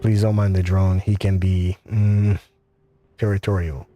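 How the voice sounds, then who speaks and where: Man reading a cultured game tinkerer, pleasant, courteous, low dark voice, faint music behind. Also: flat delivery. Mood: polite. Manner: courteous, measured, faintly ironic. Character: cultured polite male tinkerer in trench coat.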